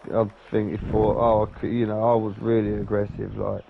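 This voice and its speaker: A man, telling a sweary, animated story in casual chat. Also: fairly low pitch, a little fast, vocal fry, a faint crowd. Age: 30s. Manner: sweary, animated, acts out voices. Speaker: podcast co-host. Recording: dull lo-fi sound with faint noise.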